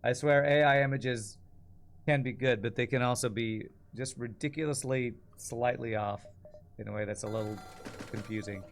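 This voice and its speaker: A man's voice: mid-range voice, moderate pace, a little hiss or hum. A man chatting casually as he streams a game, rambling and laughing often. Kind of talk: casual gameplay commentary.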